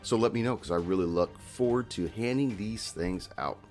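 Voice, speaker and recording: A congested man hosting a tabletop game podcast as game master, talking in a relaxed, rambling way with plenty of fillers. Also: lowish voice, moderate pace, soft background music. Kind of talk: podcast intro and casual chat.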